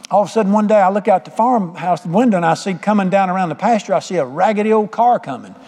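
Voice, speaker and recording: The sermon comes from a middle-aged man whose fairly high voice is a little mellow and fast-paced. Folksy in his storytelling, he keeps turning questions on his listeners, and the long reverb suggests a big church hall.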